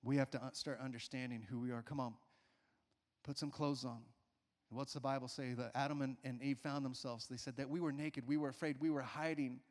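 A man's voice: mid-range voice, steady tone, fairly quick, a little mellow. Emphatic male pastor preaching in a reverberant hall. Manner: emphatic preaching with call-outs to the congregation. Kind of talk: sermon.

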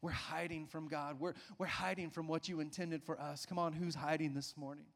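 A man's voice: on the high side, steady tone, normal speed, fairly bright tone, long reverb tail. A male pastor preaching a sermon with emphatic call-outs to the congregation.

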